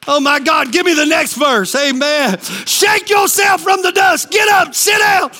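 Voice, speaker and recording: A man's voice: very high-pitched, a little slow, hardly any pauses, pushed and bright, raised voice. A man preaching a charismatic sermon as pastor, hollering short repeated commands and calling on the congregation to respond.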